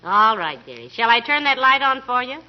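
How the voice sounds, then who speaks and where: Molly, a teasing, patient wife. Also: female voice, fairly high pitch, very animated, fairly quick. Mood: affectionate. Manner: gently scolding, dry quips. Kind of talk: 1940s radio comedy acting. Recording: hissy, muffled old radio broadcast.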